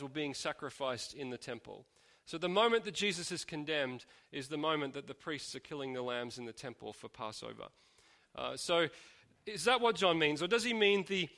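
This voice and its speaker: A man delivers a sermon in a fairly high voice. His tone is bright and clear, and he works through rhetorical questions, often stopping to restart a phrase. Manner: thoughtful, asks rhetorical questions, frequent restarts. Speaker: preacher.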